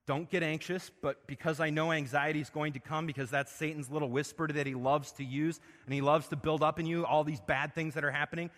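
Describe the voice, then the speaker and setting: A man preaching a sermon, asking his listeners questions and swinging between loud emphasis and quiet, low passages. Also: fairly even intonation, fairly quick, few pauses, big-room sound. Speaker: pastor.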